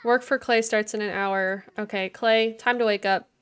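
This young woman's medium-pitched voice is clean and steady, moving at a moderate pace. While streaming a life-sim game, she makes casual conversation with her audience and the characters on screen, often breaking into giggles, with soft game music in the background.

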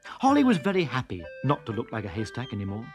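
A storyteller reading a children's story aloud in a dramatic, expressive way. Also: fast, over music. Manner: very expressive, dramatic swings in pitch. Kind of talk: scripted children's story narration.

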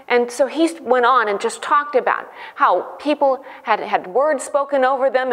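A woman's voice: a little high, big-room sound. A woman giving an earnest devotional teaching, telling a church story with fervor. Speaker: devotional speaker.

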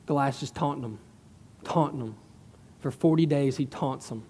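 A man's voice: medium pitch, normal speed, mellow, slightly rough, long reverb tail. A man preaching a sermon as a pastor, telling the story in a chatty, emphatic way with asides to the congregation. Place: church sanctuary.

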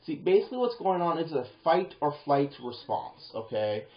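A man giving advice in a casual monologue, animated and rambling, breaking into quoted voices and swearing now and then. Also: a little high, normal speed. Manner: animated, acts out quoted lines in bursts, swears; rambling with restarts and fillers. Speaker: vlogger. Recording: roomy, dull lo-fi home video.

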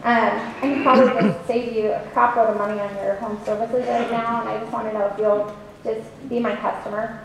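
A woman's voice: a little high, a little fast, vocal fry, recorded from a distance, voice pushed down. Woman putting on a mumbling, timid favor-asker. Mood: reluctant. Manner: flat, hesitant and mumbling. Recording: very echoey hall, faint noise.

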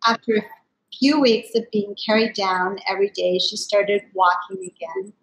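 A woman in her sixties, a company founder, telling a personal story in an interview with lively, expressive delivery. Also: mid-range voice, moderate pace, poor audio. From United States. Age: 60s. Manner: animated, expressive storyteller who acts out family quotes. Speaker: company founder speaking at a summit.

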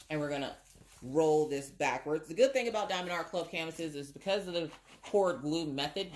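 A woman vlogger, chatting casually and expressively to viewers while unboxing craft kits. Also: sits low.

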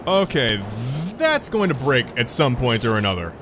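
A man's voice: medium pitch, sing-song, moderate pace, noisy background. A man casually commenting over a video game, rambling, apologizing often and joking about himself. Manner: rambling, apologetic, self-deprecating. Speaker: let's play commentator.

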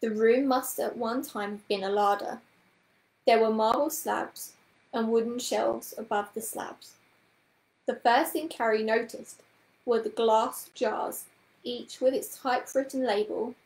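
A woman storyteller reading a children's book aloud with a gentle, expressive manner. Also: on the high side, measured pace, reverberant, low-quality recording.

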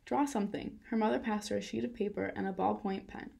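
A woman reading a children's novel aloud in a calm, steady way. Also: medium pitch, quick pace, gravelly, slightly rough. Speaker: reader. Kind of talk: children's book read-aloud.

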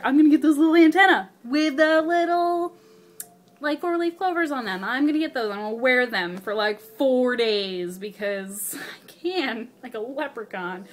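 A young woman chatting casually to her camera in her apartment, excitable and bubbly, with casual swearing. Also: fairly high pitch, moderate pace. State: hyper and spazzy. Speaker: vlogger. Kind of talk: casual vlog chat. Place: apartment living room. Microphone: handheld camera.

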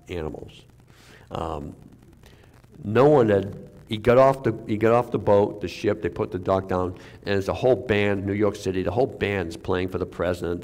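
Gravelly-voiced pastor preaching casually. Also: male voice, low voice, darkish tone. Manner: conversational, with restarts and sudden drops to near-whisper. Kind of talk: sermon.

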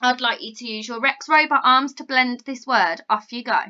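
A woman teaching phonics to young children, encouraging and clear, sounding out words slowly. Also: fairly high pitch, pushed and bright, muffled recording. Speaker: primary school teacher.

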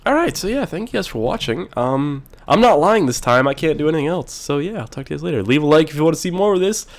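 Excitable swearing young man gaming. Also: fairly high pitch, quick pace. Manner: excitable, swearing, rambling to himself. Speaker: gaming video host. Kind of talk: casual let's-play commentary.

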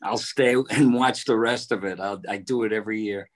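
An older man, a voice actor, answering interview questions over a video call in a relaxed, anecdotal way. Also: on the low side, normal speed. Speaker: voice actor guest.

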